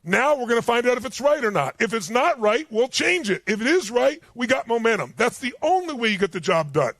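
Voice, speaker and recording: A man's voice: extremely high pitch, sing-song, brisk, fairly bright tone, no echo, full character voice. A man voicing a blunt, decisive male army general who speaks curtly and matter-of-factly. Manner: curt, matter-of-fact.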